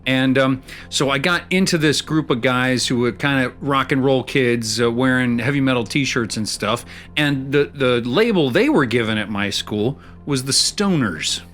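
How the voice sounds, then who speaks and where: A man's voice: mid-range voice, normal speed, few pauses, a bit bright, faint music behind. A man hosting a casual show, chatting and rambling through fillers and small chuckles as he plays a video game. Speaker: host. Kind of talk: casual chat while playing a video game.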